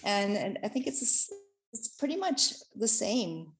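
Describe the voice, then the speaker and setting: A woman from Germany with a slight German accent, a guest in a casual interview. She talks in a relaxed, hesitant way with fillers. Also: medium pitch, unhurried, soft background music.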